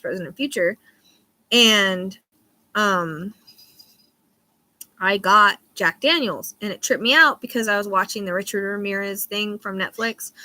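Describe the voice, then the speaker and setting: A woman chatting casually on a livestream as a psychic host. Her voice is bright and forward, sitting at an ordinary middle pitch. She rambles from one thought to the next, often loses her thread, and laughs easily in between. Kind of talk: casual live-stream chat.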